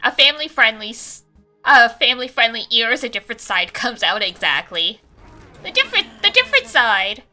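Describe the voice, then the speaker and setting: A woman's voice: a little high, very animated, brisk, pushed and bright, faint music behind. A young adult woman streaming a game, chatting casually and rambling with lots of fillers and giggles. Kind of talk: casual gaming stream chat.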